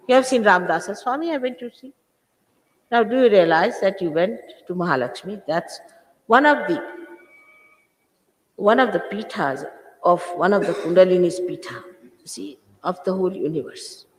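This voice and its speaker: Scolding woman in her sixties, echoey hall. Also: mid-range voice. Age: 60s. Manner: scolding, emphatic, full of rhetorical questions. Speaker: spiritual teacher. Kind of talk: spiritual talk to followers. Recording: echoey hall, old 1980s recording.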